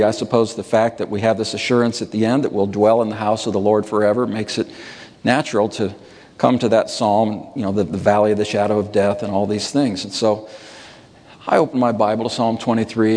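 A man's voice: on the low side, a little mellow. Reflective preacher man in a hall. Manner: musing, slow over scripture, voice lifts on key words. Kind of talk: reflective sermon.

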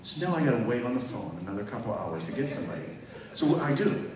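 A man preaching a testimony sermon to a congregation. He tells his story vividly, acting out phone calls, and rises to loud, emphatic peaks. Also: mid-range voice, big pitch swings, fast. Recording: distant echoey hall with noise.

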